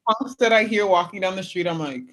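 Young adult woman, interview guest, animated, laughs a lot, mid-pitched voice. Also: fast. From California. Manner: animated storyteller, acts out quotes, laughs often. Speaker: guest, athlete. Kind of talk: casual interview chat.

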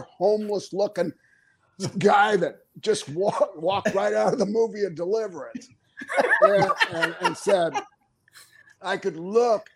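A man's voice: high-pitched, a little mellow. An older man, a former pro wrestler, telling stories in a casual interview. He talks animatedly, laughs often and acts out the things people said.

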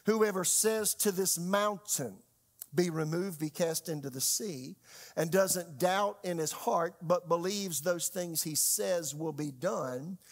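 Male pastor, high tenor, conversational sermon with big dynamic swings. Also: slow. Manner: conversational preaching with sharp swings in pitch and loudness, rhetorical questions.

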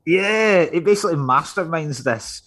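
A man's voice: fairly high pitch, animated, normal speed, fairly bright tone. A man, a podcast guest in casual chat, jokey and opinionated with plenty of swearing.

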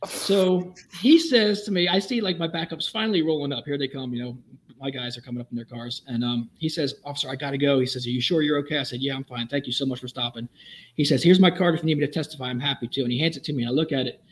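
A middle-aged man, a police officer guest on a podcast, telling a story fast and animatedly, acting out the lines he quotes. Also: mid-range voice.

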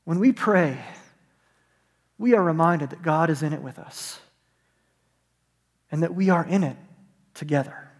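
A man with a high, light voice preaches from the pulpit, his words ringing out in a long echoing hall. He tells a story, drops to a soft hush at tender moments, and builds to emphatic, rising calls. It sounds like a church sanctuary. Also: a little slow, pauses often. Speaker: pastor. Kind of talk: sermon.

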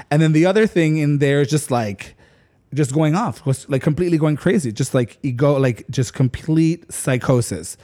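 A man on a podcast telling a story in a casual, animated way, full of "like" and casual swearing. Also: on the high side, moderate pace. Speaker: podcast co-host.

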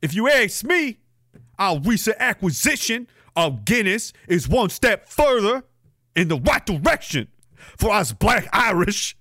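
A pompous, self-important commenter declaiming in a raised, showy voice, as a livestream host puts him on. The tone is bright and forceful, the delivery grandly overdone, and the sound is dry and close. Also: male voice, high-pitched, sing-song, unhurried, no room sound, pitched above the performer's own voice, heavily acted. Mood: mock-grand.

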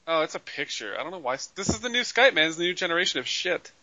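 A man trades blunt, teasing banter as a podcast co-host. His voice is sharp and very bright, with a pitch that jumps around. The recording is dull and lo-fi. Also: very animated, fast talker. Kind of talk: casual chat. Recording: dull lo-fi sound.

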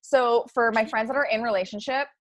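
A woman's voice: a little high, fairly even intonation, a little fast, a bit bright. A woman chatting casually with her partner as podcast co-host, laughing easily and saying "like" a lot.

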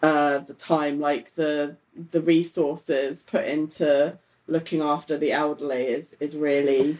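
A woman co-hosting a podcast, talking casually in a thoughtful, halting way. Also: sits low, little pitch movement, a little mellow. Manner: thoughtful and halting, with fillers and restarts. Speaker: podcast co-host. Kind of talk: casual chat.

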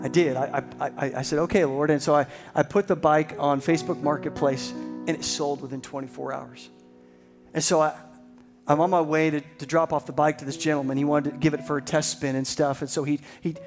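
Preaching man over background music. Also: on the high side. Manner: storytelling, rising to excited emphasis. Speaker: pastor. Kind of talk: sermon.

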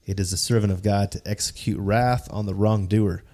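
A man's voice: on the low side, fairly even intonation, brisk, dark tone. A man on a discussion podcast reading a passage aloud, breaking off into playful, jokey asides.

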